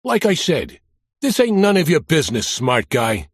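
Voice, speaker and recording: A man's voice: fairly high pitch, huge pitch swings, moderate pace, slightly rough, no room sound, studio quality, pitched above the performer's own voice, full character voice. A man voicing an irritable older mobster with a Brooklyn accent and tough street talk. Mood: irked.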